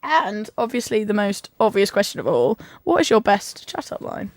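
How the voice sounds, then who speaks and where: A woman's voice: mid-range voice, sing-song, normal speed, dry recording. A young woman hosting a casual radio interview, bubbly and giggling often. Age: young adult. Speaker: radio host.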